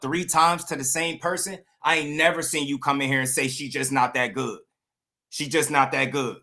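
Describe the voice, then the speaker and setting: A man with a bright, forceful voice delivers a livestream commentary rant. He talks bluntly in heavy slang, circling back over the same phrases as he works himself up. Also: medium pitch. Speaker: boxing channel host.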